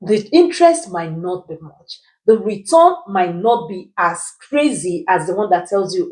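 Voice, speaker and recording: Woman finance teacher, lower register, quizzes her audience and answers herself. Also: lively intonation, a little slow, few pauses, darkish tone, rough recording. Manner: teacherly, poses rhetorical questions and answers them; keeps checking in with "right?". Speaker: personal finance educator. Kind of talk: explainer video.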